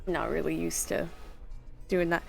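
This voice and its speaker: Slow-talking woman game master. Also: sits low, creaky, darkish tone, soft background music. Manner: rambling, filler-heavy, giggly description. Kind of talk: narrating a tabletop game.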